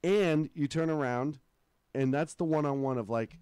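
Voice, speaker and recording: A man's voice: a little high, moderate pace, darkish tone, clean tone, dry recording. A middle-aged man co-hosting a casual political chat show, blunt and opinionated, swearing freely. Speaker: co-host.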